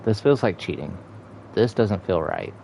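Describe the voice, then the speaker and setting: A man's voice: sits low, huge pitch swings, unhurried, creaky, darkish tone, slight background noise. A young man streaming a game, giving laid-back casual commentary and humming between remarks.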